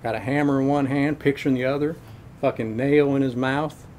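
A man's voice: medium pitch, fairly even intonation, brisk, a little mellow, a little hiss or hum, natural voice. A middle-aged man playing a crude, folksy handyman who rambles along in profane slang, in a comedic monologue.

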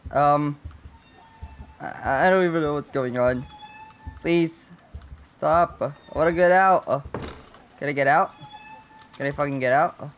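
A young man commentating his way through a horror game with a slightly high voice. He talks slowly and jumpily to himself, swears nonstop, and yelps when something scares him. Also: slight background noise. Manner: jumpy, swears constantly, nervous self-talk. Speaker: gaming channel host.

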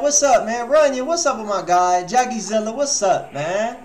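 A man with a notably high voice hosts a live music review stream. He speaks casually in slang with a slight stutter. He drops into low, muttered asides, then bursts into loud exclamations. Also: expressive, normal speed, few pauses. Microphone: headphones on while streaming.

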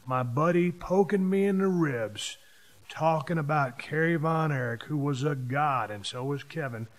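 A man, hosting a podcast and telling stories from his past in a casual monologue, hitting key words with sudden louder bursts. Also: fairly high pitch, unhurried. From Texas. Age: 50s. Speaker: podcast host.

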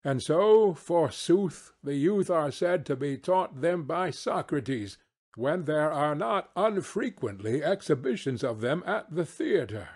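A man reading a philosophical defence speech for an audiobook, measured and rhetorical, slowing down on key phrases for emphasis. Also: fairly high pitch, animated, a little mellow, slightly rough. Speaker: audiobook reader.

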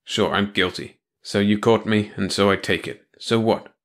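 A condemned tough guy who pleads hard in rough, slangy street talk, as a man reading the story voices him. The voice stays close to the reader's own low register, like a character in a spoken audiobook. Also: fairly even intonation, normal speed, natural voice. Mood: pleading. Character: condemned thin man pleading for his wife.

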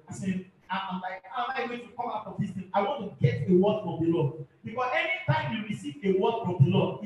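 A male pastor preaches fervently in a very high voice, repeating himself and calling for amens. He sounds far from the microphone in a big, booming, echoey hall. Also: muffled recording. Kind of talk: sermon.

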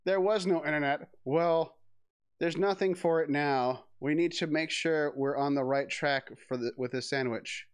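A man's voice: a little high, steady tone, moderate pace, clear, resonant tone. A man streaming a text adventure game, reading the game text aloud with giggles, swearing and restarts. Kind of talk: casual let's-play commentary, reading game text aloud.

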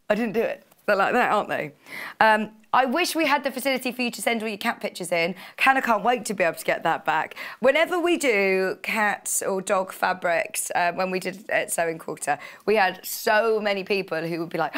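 A woman's voice: medium pitch, expressive, moderate pace, a bit bright. Gushing TV shopping presenter woman. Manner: chatty and gushing, with frequent gasps and laughs. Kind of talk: live TV sales presentation. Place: TV studio.

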